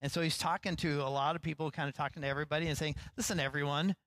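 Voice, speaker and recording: Bright-voiced man preaching a casual sermon. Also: fairly high pitch, steady tone, rapid-fire, dry recording, rough recording. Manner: conversational, self-deprecating, acts out lines with rising animation. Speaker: pastor. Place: church.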